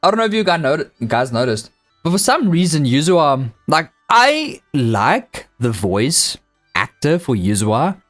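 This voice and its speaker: A man's voice: on the high side, very animated, unhurried, a bit bright, soft background music. A young man chatting casually over gameplay, rambling and joking and reading game lines aloud. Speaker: gaming YouTuber.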